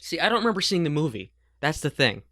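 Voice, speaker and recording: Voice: mid-range voice, big pitch swings, fast talker, sharp tone, no echo, clean studio sound. A podcast co-host in casual chat, wry, sarcastic and stubborn.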